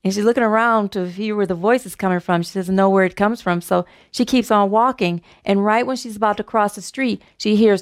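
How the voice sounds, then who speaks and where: A woman's voice: medium pitch, fairly quick, few pauses, dry recording, clean studio sound. Chatty woman giving a sermon. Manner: chatty and warm, with restarts and a joking anecdote. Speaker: speaker giving the talk at a spiritual community service. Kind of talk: casual sermon.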